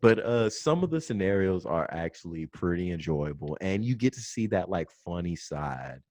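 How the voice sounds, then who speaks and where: Male podcast host, very low and lively voice, jokey, dry close sound. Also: normal speed, no room sound. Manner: laughs often, loose and joking. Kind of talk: casual group chat.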